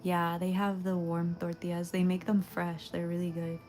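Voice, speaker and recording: A woman's voice: lowish voice, monotone, moderate pace, a little mellow, slight background noise. A young woman livestreaming while making pottery, chatting casually and giggling with her viewers. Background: faint game music.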